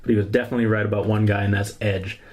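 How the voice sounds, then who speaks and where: A man's voice: lowish voice, flat delivery, racing, darkish tone. Casual young male podcast co-host. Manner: rambling recap with fillers and laughs. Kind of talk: casual chat recapping wrestling.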